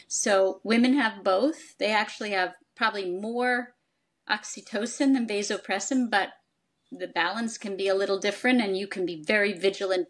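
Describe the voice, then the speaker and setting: Brief: older female psychoanalyst guest, mid-pitched, explanatory, voices quoted parents now and then. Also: normal speed. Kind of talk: expert conversation.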